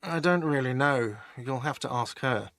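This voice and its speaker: A man's voice: mid-range voice, animated, normal speed, a crowd in the background, lightly acted. An actor playing a put-upon male hostel manager in a video game, dry and scolding. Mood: gossipy.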